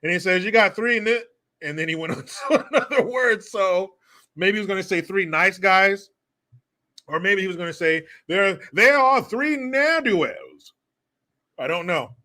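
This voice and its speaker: A man's voice: sits high, moderate pace, bright, forceful tone. A man hosting a casual commentary vlog, sarcastic and mocking, swearing freely and laughing often. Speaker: host.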